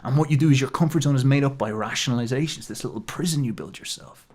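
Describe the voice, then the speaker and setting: A man giving a heated philosophy monologue. He swears freely, mocks others in sarcastic put-on asides, and keeps up a steady, animated flow. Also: mid-range voice, fast. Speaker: philosophy commentator. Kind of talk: impassioned monologue.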